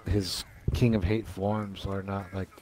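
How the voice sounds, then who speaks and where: Low-voiced man gossiping offhandedly. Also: little pitch movement, a little slow, a crowd in the background. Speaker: stream co-host. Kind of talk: casual chat while gaming.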